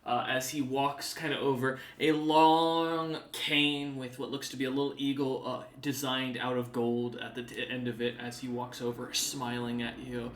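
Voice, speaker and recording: Male game master, bright and rambling in his descriptions, recorded in a reverberant room. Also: medium pitch, little pitch movement, moderate pace, few pauses. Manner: loose, filler-heavy scene description. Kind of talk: narrating a tabletop game.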